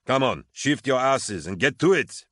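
A man's voice: low-pitched, big pitch swings, measured pace, a bit bright, no room sound, studio quality, heavily acted. A man voicing a stern male military officer who gives curt orders in an audiobook. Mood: commanding. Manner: curt, commanding.

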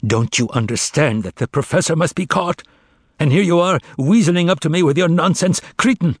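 A man voicing an agitated, furious young poet shouting orders and insults. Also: fairly high pitch, expressive, fairly quick, breathy edge, no room sound, studio quality, pitched above the performer's own voice. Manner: angry, agitated.

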